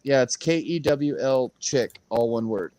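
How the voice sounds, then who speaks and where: A man's voice: medium pitch, measured pace, mellow, no echo. A man chatting casually on a livestream, rambling through a story with frequent laughs and acted-out quotes. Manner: rambling, laughs often, acts out quoted voices. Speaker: guest on a crypto livestream.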